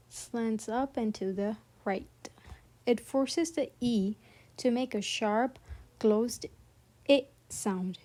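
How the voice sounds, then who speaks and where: A woman's voice: medium pitch, warm tone. A woman teaching a beginner French lesson, explaining patiently and often checking in with the viewer. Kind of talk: online language lesson.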